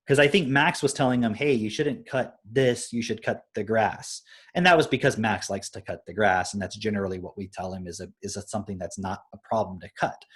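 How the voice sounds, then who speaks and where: A young adult man with a slightly husky voice talks casually on a live stream. He explains things through everyday stories, often pausing to ask "right?". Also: on the low side. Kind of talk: casual parenting talk.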